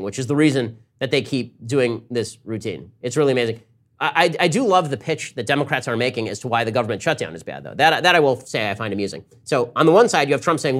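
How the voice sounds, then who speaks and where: A man hosting a political commentary show, talking in a fast, sarcastic monologue and mimicking his opponents in quick asides. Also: on the high side.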